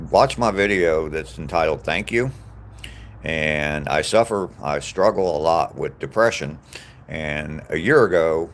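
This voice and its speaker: Man, 60s, very low voice, unhurried rambling live-stream chat recorded outdoors with light background noise. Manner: rambling, frequent ums, greets viewers by name. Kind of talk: casual live-stream chat reading comments. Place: outdoors on a walking trail.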